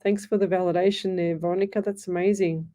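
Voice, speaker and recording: Chatty woman, mellow voice. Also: fairly low pitch, fairly even intonation, quick pace. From Australia. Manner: chatty, reassuring, calls listeners lovey; reads listener comments aloud. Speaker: psychic medium radio host. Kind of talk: live call-in readings.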